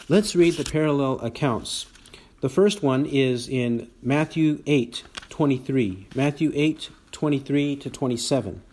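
Man preaching in a mellow voice. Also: mid-range voice, measured pace. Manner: reads scripture aloud, rising in force at dramatic lines. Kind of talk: expository sermon.

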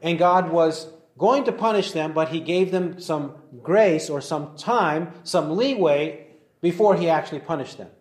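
A man teaching verse by verse through a Bible passage, reading verses slowly and deliberately. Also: a little high, darkish tone. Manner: deliberate, slows to read verses aloud. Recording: roomy echoey recording.

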